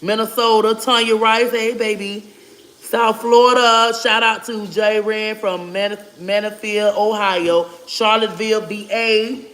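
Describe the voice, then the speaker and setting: A man's voice: high voice, fairly even intonation, unhurried, a bit bright. A man hosting a casual livestream on a phone, rattling off viewers' hometowns with loose, friendly asides and endearments like "baby". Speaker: livestream host. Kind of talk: casual livestream shout-outs.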